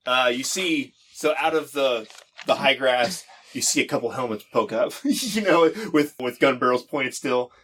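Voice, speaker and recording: A man running a tabletop role-playing game as game master, narrating in a halting, laughing way and briefly acting out side characters. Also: mid-range voice, fairly bright tone, a little hiss or hum. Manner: halting, laughing, acts out soldiers' lines.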